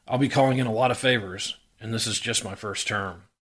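Brusque male mayor, impatient, clipped questions, lowish voice, as a man reads him. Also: fairly quick, fairly bright tone, slightly rough. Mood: curt. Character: gruff big-city male mayor, impatient and curt.

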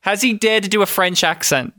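Bright, teasing man on a podcast. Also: high voice, fairly quick, dry recording, studio quality. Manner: teasing, playful questioner. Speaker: podcast co-host. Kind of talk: casual film discussion.

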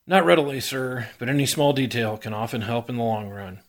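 A man's voice: mid-range voice, a little fast, lightly acted. A man voicing a tired middle-aged police lieutenant who answers politely and carefully. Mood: dutiful.

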